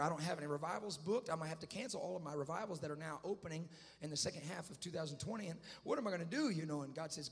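Man, evangelist preacher, sermon, gravelly voice, quiet storytelling to shouted peaks, long church reverb. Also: fairly high pitch, racing, hardly any pauses. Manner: swings from quiet storytelling to loud shouted climaxes. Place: church sanctuary.

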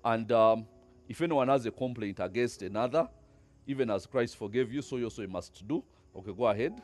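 Pastor, male, animated and chatty sermon delivery, husky and slightly high voice, faint music underneath. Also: normal speed. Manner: lively, conversational preaching with rhetorical questions and laughs.

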